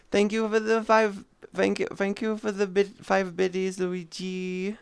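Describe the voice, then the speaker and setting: Woman streamer, giggly, playful chat, slow unhurried talk, dry close sound. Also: medium pitch, monotone, gravelly, clean tone, no echo. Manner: giggly, playful, often laughing; soft cooing baby-talk to chat. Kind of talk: casual live-stream chat.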